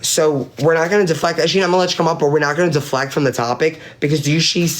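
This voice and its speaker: On a live-stream panel, a man with a slightly high voice and fairly even intonation races through an account of online drama in casual chat. He's blunt and profane, reads chat messages aloud, and repeats his points for emphasis.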